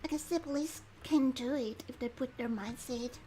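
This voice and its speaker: A bubbly woman streaming a game, with a high voice that chats, laughs and reads lines aloud while she eats. A faint hiss sits under her voice. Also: normal speed, mellow. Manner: chatty and giggly, eating and talking with food breaks. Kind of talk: casual livestream chat while reading a game aloud.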